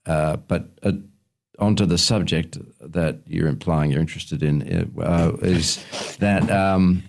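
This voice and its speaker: A man's voice: low-pitched, fairly even intonation, unhurried, creaky, darkish tone. A man who is a film director, guest on a casual podcast, telling rambling anecdotes with a chuckle.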